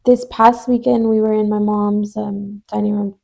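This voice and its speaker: A woman co-hosting a podcast who listens and answers her friend in a gentle, reassuring way. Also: medium pitch, flat delivery, moderate pace, creaky. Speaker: podcast co-host. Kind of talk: casual supportive chat.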